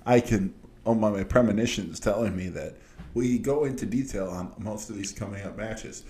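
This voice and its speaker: A man's voice: fairly low pitch, normal speed, warm tone. A man co-hosting a casual podcast, easygoing and wry. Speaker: podcast co-host.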